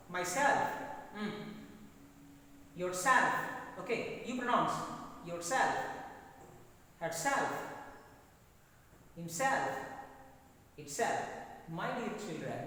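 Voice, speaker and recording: A man teaching an English pronunciation lesson, slowly drilling words and repeating them for his students. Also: high-pitched, fairly bright tone, slight background noise. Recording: echoey room from far off, faint ambience.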